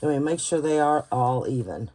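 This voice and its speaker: A woman's voice: sits low, animated, fairly quick, warm tone, slight background noise. A tired woman with a West Virginian accent giving a casual hands-on craft tutorial. She thinks aloud, rambles and searches for words as she works. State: tired late at night. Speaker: bookbinding crafter hosting her channel. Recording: clear crinkling paper and clicking sounds behind.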